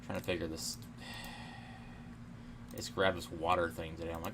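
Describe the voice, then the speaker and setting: A man's voice: sits low, steady tone, normal speed, pauses often, background noise. A man streaming live as he works at his computer, chatting casually, muttering to himself and swearing often.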